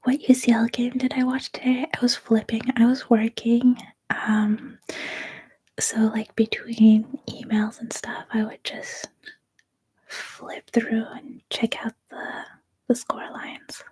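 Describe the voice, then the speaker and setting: A Canadian woman in her thirties, whispering a soft-spoken, rambling ASMR livestream chat. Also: on the high side, little pitch movement, slow, slightly rough. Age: 30s. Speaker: ASMR streamer.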